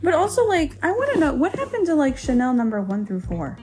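A young woman with a slightly high, mellow voice co-hosts a casual podcast chat. She teases and giggles, with "like" all through her talk. Faint music plays underneath. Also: wildly swooping pitch, brisk. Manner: giggly, teasing, lots of "like". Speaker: podcast co-host.

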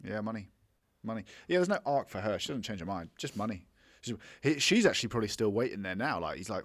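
A man's voice: on the low side, very animated, fast talker, no echo. A man co-hosting a casual film review podcast, sarcastic and swearing freely. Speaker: podcast co-host.

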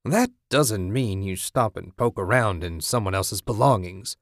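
A man's voice: lowish voice, expressive, a little slow, no room sound, clean studio sound. A man voicing a scruffy male squatter who grumbles, cackles and sneers. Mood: mocking. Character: gruff scruffy male squatter, mocking and territorial.

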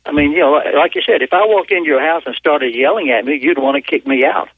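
A man's voice: on the high side, quick pace, a little hiss or hum. A man from Louisiana with a Southern accent, talking casually as an interview guest in a hesitant way, over the phone. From Northwest Louisiana. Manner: hesitant, many fillers and restarts. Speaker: author and paranormal investigator guest. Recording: tinny phone line.

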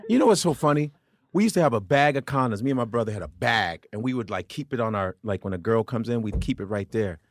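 A man's voice: medium pitch, fast talker, no room sound. A comedian guest tells loose, profane stories on a podcast, jumping into voices of the people he talks about. His voice sits in a middling register for a man. The sound is dry and close, with no room around it. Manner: profane, animated storyteller doing voices. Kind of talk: casual storytelling chat.

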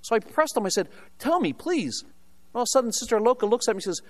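A man's voice: extremely high pitch, rapid-fire. An older American man preaching a sermon, telling his own story with humorous asides and rhetorical questions. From United States. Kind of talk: sermon with personal testimony.

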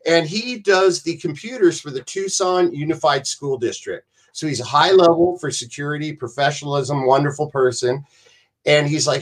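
A man with a somewhat high voice, rambling through anecdotes as a podcast guest. He is loose and profane and slips into other people's voices mid-story. The delivery is casual and unscripted. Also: moderate pace.

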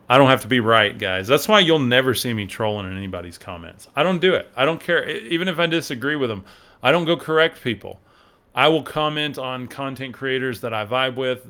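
A man's voice: medium pitch, normal speed, sharp tone. A man hosting a podcast, rambling casually as he answers viewer comments on a religious text. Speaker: podcast host.

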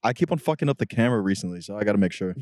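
A man's voice: fairly low pitch, animated, rapid-fire, darkish tone, dry recording, studio quality. Laid-back man laughing along. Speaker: podcast co-host. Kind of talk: casual chat.

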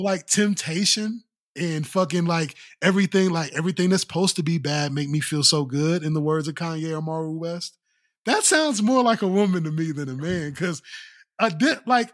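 A man co-hosting a podcast, chatting casually and telling animated, laughing stories. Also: sits high. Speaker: podcast co-host.

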